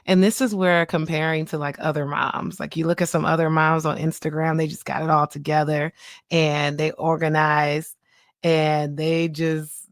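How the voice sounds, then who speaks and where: Woman, 30s, podcast host and child psychiatrist. Lowish voice, chatty and animated, quick to laugh, recorded dry on a close mic. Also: no echo. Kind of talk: casual solo podcast talk.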